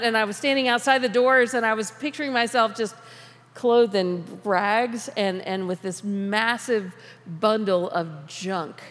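A woman giving a conversational sermon on prayer, talking informally, restarting phrases and laughing often. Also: fairly high pitch. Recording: long reverb of a large hall.

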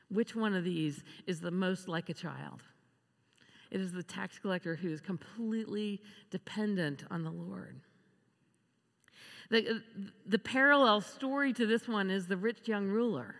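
A woman delivers a sermon in a bright, clear voice, slipping into the voices of the people she quotes. Her speech rings out with a long reverb, as in a large hall. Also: fairly low pitch, unhurried. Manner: expressive, acts out quoted voices with laughs. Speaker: preacher.

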